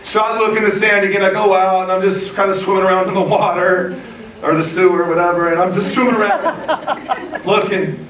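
A man preaching a sermon to a congregation, telling a lively story, acting out what people said, and laughing along the way. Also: sits high, brisk, far from the mic, background noise. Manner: storytelling, lively, acts out quotes, laughs often. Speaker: pastor. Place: large church hall with congregation. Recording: echoey hall, recorded from afar, congregation audible.

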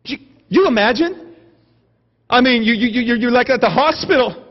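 High-voiced preacher telling a funny story. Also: male voice, moderate pace, pauses often. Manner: animated, humorous storytelling. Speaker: pastor. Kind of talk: sermon. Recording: dull recording with long hall reverb.

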